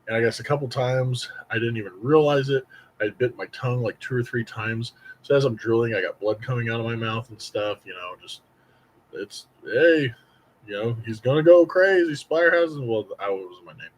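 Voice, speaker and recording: A man's voice: mid-range voice, moderate pace, slight background noise, rough recording. A man in his late thirties from Indiana, telling a long, rambling childhood story as a candy review host. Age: late 30s. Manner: rambling, animated, acts out quoted voices. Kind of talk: casual storytelling to camera.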